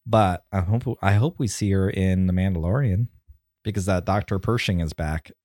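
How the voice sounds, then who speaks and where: A man in his thirties chatting casually as a podcast co-host, campy and animated, slipping into squealed voices. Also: deep voice, normal speed, no echo, clean studio sound. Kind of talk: casual chat.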